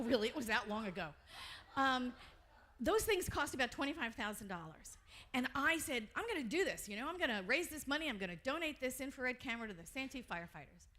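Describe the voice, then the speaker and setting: A middle-aged woman, a reverend, preaching a sermon with animated storytelling and frequent laughter. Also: a little high.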